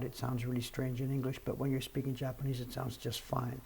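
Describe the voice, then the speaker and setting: A man's voice: mid-range voice, steady tone, brisk, creaky, hardly any pauses, darkish tone, a little hiss or hum. A man in his seventies chatting casually on his livestream, frank and self-deprecating as he answers viewers' questions. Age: 70s. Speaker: livestream host.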